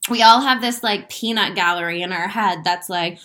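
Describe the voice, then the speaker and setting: An emotional woman speaks straight to her viewers in a spiritual, motivational talk. Her pitch sits at an ordinary middle height. She is earnest and heartfelt, swears casually and laughs through her feelings. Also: animated, moderate pace, hardly any pauses, fairly bright tone. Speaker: inspirational speaker.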